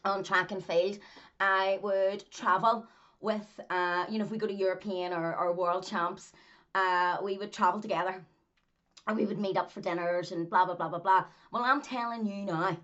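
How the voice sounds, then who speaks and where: A woman's voice: medium pitch, fairly bright tone. Emphatic Northern Irish woman, lo-fi sound. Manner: emphatic, repeats points, laughs often. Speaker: vlogger, former track athlete. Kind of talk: casual talking-to-camera monologue.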